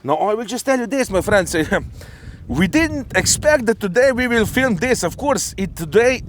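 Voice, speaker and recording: A man co-hosting a hobby video outdoors in a windy field, talking loudly and enthusiastically, laughing often, on a windscreened mic. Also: sits high, expressive, moderate pace. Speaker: co-host of an RC hobby channel. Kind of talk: casual outdoor chat to camera. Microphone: mic with furry windscreen.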